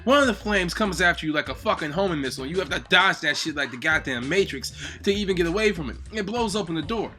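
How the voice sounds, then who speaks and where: A man hosting a gaming video, giving an excitable, heavily profane casual ranking commentary. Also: high voice, quick pace, hardly any pauses, faint music behind. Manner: acts out game lines in loud bursts.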